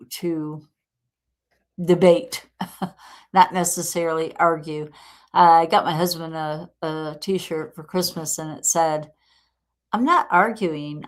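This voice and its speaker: A woman with a low, deep voice gives a casual live tarot reading. She talks slowly and warmly encouraging, chatting to viewers and laughing often. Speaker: tarot reader host.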